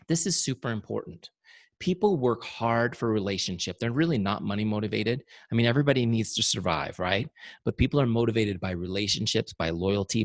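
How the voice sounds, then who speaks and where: A man's voice: mid-range voice, no echo. A man teaching an online sales training, emphatic and direct, often repeating key phrases and talking to the audience as "you guys.". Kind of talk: motivational webinar teaching.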